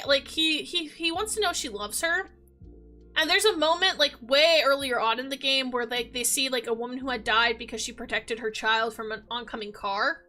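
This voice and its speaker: A woman livestreamer in casual chat, recapping a game in a rambling, animated way with lots of filler words. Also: sits high.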